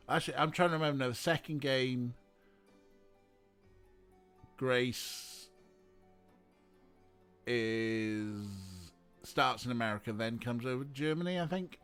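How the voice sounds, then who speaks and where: A man's voice: medium pitch, slow, pauses often, fairly bright tone, smooth, soft background music. A man streaming an adventure game, making joking asides and laughing at the dialogue. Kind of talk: casual let's play commentary.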